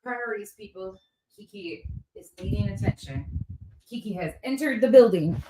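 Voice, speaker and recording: A woman's voice: medium pitch, big pitch swings, moderate pace, warm tone, a little hiss or hum. Sarcastic swearing woman host. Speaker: host reacting to a video call. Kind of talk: casual profane reaction chat.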